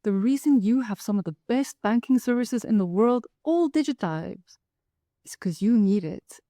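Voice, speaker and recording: A woman from Africa, telling a personal story in a wry, lively way. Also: a little high, normal speed, no echo, studio quality. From South Africa. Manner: lively, wry, acts out the people in her stories. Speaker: author and storyteller.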